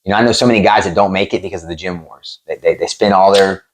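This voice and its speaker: A man who promotes MMA and used to fight, telling gym stories in a casual interview, profane and animated, acting out what people said. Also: deep voice, quick pace, slight background noise. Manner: animated, profane, acts out quotes.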